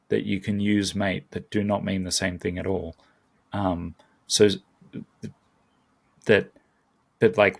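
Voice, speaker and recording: A man's voice: on the low side, gravelly. A man with an Australian accent, chatting casually as a guest and often breaking off to restart his thought. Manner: chatty, self-interrupting. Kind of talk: casual conversation.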